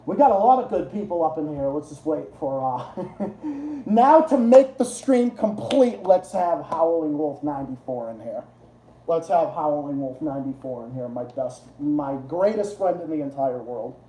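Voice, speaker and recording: Man live-streaming, rambling, swears a lot, very dark mellow voice, roomy echo. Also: on the high side, expressive, normal speed, a little hiss or hum. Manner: rambling, profane, laughs at own jokes. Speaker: livestream host. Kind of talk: casual livestream chat.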